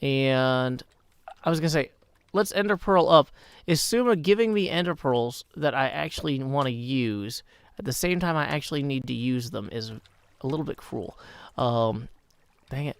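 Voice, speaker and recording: Hoarse man chatting through a game stream. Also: medium pitch, moderate pace, no echo. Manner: rambling, chatty, answers chat mid-thought. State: hoarse morning voice. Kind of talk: live-streamed game commentary.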